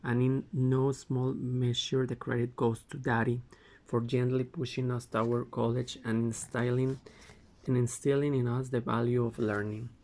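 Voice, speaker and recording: Male amateur memoir reader, gravelly texture, halting delivery with restarts. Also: medium pitch, little pitch movement, a little mellow. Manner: halting, frequent stumbles and self-corrections. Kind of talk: reading a memoir aloud.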